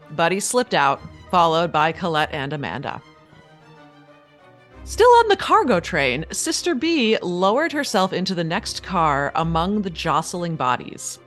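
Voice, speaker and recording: Brief: woman, mid pitch, lively rise and fall, brisk storyteller recapping the game. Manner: brisk storytelling with quick asides. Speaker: player giving the recap. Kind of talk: narrated episode recap.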